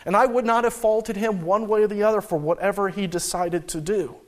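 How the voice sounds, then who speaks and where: High-voiced man preaching a casual sermon. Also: fairly even intonation, fairly quick. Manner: casual and storytelling, with frequent restarts. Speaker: pastor. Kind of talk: conversational sermon. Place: church in New England.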